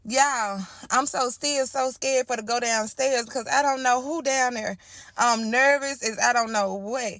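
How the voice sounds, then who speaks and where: A woman's voice: a little high, fairly bright tone, dry recording. A young woman telling an emotional storytime about a traumatic night, acting out the voices of the people involved. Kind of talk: storytime vlog.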